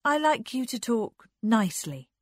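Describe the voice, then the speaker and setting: A woman's voice: on the high side, sing-song, measured pace, no room sound, studio quality, pitched above the performer's own voice. A woman voicing a proud young woman who speaks primly and coolly. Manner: prim, coolly defiant. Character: proud, cool young woman, refined speech.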